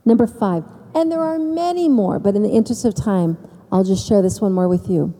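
A woman telling her personal faith story to an audience, with dramatic pauses and emphasis. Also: mid-range voice, mellow, in a large hall. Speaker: speaker giving faith testimony. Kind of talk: personal testimony speech.

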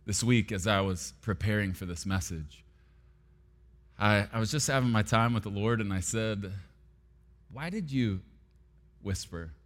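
Pastor preaching in an echoing hall. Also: male voice, fairly low pitch, steady tone, moderate pace. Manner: dramatic swings between loud emphasis and hushed near-whisper. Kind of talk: sermon. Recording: long hall reverb with soft guitar underneath.

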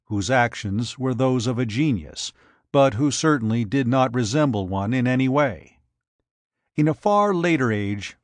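A man narrating an adventure story in a measured, even reading. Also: medium pitch, no room sound. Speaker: audiobook narrator.

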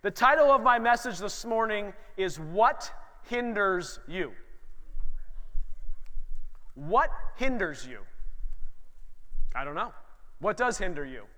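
Pastor, 30s, higher voice, lively storytelling sermon, echoing sanctuary. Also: male voice, slow pace, pauses often. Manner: animated storytelling, asks the room for amens. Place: church sanctuary. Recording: long hall reverb.

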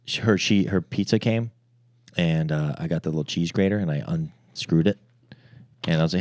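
A man's voice: low voice, normal speed, a little mellow, dry recording, clean studio sound. A young man hosting a podcast, telling crude, rambling stories in casual comedy chat. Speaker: podcast host.

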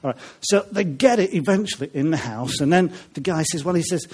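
A man's voice: a little high, expressive, a little fast, breathy edge. A man preaching a humorous sermon, chatty and joking with his listeners between points. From Welsh family. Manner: chatty, joking asides to the congregation.

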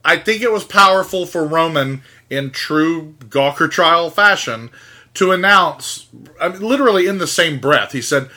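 A man's voice: a little high, animated, moderate pace, sharp tone. A man co-hosting a casual podcast, wry and wordy, addressing the listeners directly. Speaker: podcast co-host.

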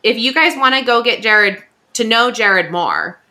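A woman with a Californian Valley Girl accent chats her way through a podcast ad read and banter. Her voice is bright and crisp, and her pitch swoops up and down, with lots of "like" and quick giggles. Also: lively intonation. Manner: chatty, peppered with "like", giggly. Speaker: podcast co-host. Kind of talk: casual chat and ad read.

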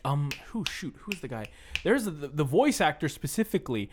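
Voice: mid-range voice, big pitch swings, moderate pace, slightly rough. A podcast co-host chatting casually in an easygoing way. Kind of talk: casual chat.

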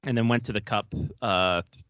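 A man hosting a casual hockey podcast, jokey and quick with stats. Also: fairly low pitch, smooth, dry recording. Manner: lively, jokey, rattles off stats. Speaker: podcast host. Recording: dull, dry sound.

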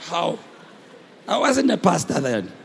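A South African man preaching a sermon as pastor, with fervent shouted emphasis and call-and-response, recorded in a church hall. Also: a little high, huge pitch swings, takes it slowly, creaky, slight background noise. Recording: echoey hall reverb.

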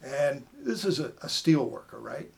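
With a gravelly, medium-pitched voice and measured pace, this former TV hunting show host from Maine, now middle-aged, tells casual stories as a podcast guest. He animates them by performing the quoted voices of the people involved.

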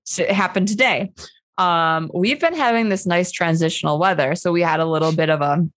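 Female podcast co-host, lowish pitch, animated and giggly storyteller. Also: fairly quick. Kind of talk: casual storytelling chat.

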